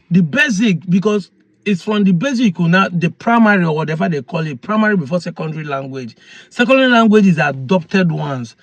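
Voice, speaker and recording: A man's voice: sits high, no room sound. A man with a Nigerian Igbo accent, a chief explaining a point earnestly and repeating key phrases. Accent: Nigerian English, Igbo. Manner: earnest, repeats points to drive them home. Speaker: community chief. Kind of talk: explanatory talk.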